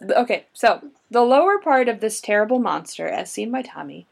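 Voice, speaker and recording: A woman's voice: on the high side, lively intonation, fairly quick, vocal fry. A woman chatting casually with friends and reading a folklore account aloud dramatically, often breaking into laughter.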